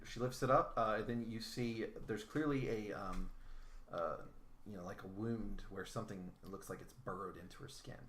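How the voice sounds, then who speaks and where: A man's voice: lowish voice, moderate pace, fairly bright tone. A man narrating as game master at a tabletop game, talking casually with many hesitations. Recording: roomy with faint noise.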